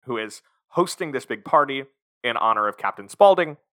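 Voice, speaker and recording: A man co-hosting a casual movie-review podcast, wry and quick to laugh. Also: medium pitch, animated, fairly bright tone, a little hiss or hum. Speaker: podcast co-host.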